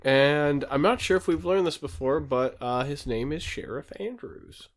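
A man's voice: a little high, normal speed. A man co-hosting a podcast, casually recapping a TV episode with many fillers. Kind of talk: casual chat.

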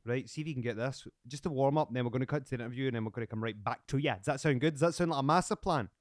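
A man's voice: mid-range voice, no echo, studio quality. A man hosting a podcast, teasing his guest in casual chat. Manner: jokey, teasing, quick asides. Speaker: podcast host.

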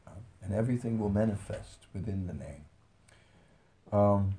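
A man who works as a spiritual teacher gives a soft-spoken, conversational devotional talk and tells stories, with frequent fillers. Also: on the low side, normal speed.

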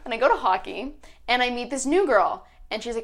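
A woman's voice: fairly high pitch, fairly quick. A young woman co-hosting a podcast, telling stories in casual chat and acting out old text messages. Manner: animated storyteller, acts out old text messages. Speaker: podcast co-host.

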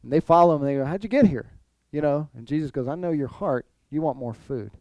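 A man preaching a sermon, animated, repeating his phrases and acting out the people he quotes. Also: a little high, fast, no echo, dull audio. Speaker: pastor.

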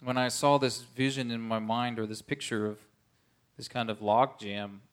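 A man's voice: medium pitch, fairly even intonation, moderate pace. A man preaching a conversational sermon, earnest, often checking in with his listeners.

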